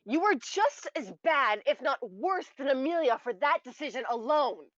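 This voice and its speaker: A woman speaking as an exasperated warrior who lectures a reckless ally with indignant force. Her voice is fairly high and very dry, and the recording is slightly dull and lo-fi. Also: animated, moderate pace, dry recording. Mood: scolding. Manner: scolding, indignant.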